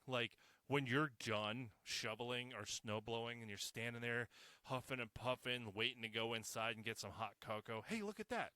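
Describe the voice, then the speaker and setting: A man talks through a casual podcast rant, swearing freely and joking with a sarcastic edge. His pitch swings widely and his tone is bright and forward. The sound is dry and close. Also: no room sound. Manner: profane, animated, sarcastic. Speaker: podcast host.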